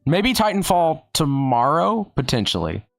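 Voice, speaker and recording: A man's voice: on the high side, big pitch swings, measured pace, gravelly, no room sound, studio quality. Playful joking male streamer. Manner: playful, jokey, stretches words for emphasis. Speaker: streamer and digital artist. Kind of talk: casual stream chat.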